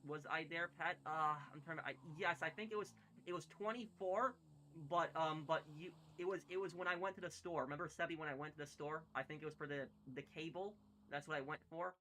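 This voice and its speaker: A man rambles through a story at a quick clip, stumbling over restarts and fillers. His voice sits a bit high and sounds bright and pushed. A faint hum runs under the recording. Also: steady tone. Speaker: gaming streamer. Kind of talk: casual storytelling while gaming.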